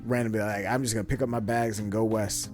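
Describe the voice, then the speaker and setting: A man co-hosting a casual podcast guessing game, animated and laughing often as he acts out movie lines. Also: fairly low pitch, quick pace, faint music behind. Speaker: podcast co-host.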